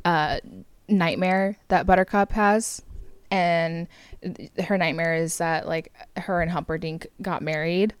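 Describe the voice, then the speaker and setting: Podcast host, female, lower voice, dry close sound, giggly and rambling, casual late-night chat. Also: fairly even intonation, slow pace, clean tone, no echo. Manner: giggly, rambling with many fillers. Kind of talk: casual chat recapping a movie.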